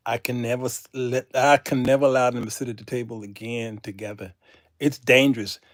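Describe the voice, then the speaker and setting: A man's voice: medium pitch, brisk, no room sound, clean studio sound. A man hosting a casual live stream, telling stories to viewers with frequent laughter. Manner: animated storytelling, laughing often, addressing viewers as y'all. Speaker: host.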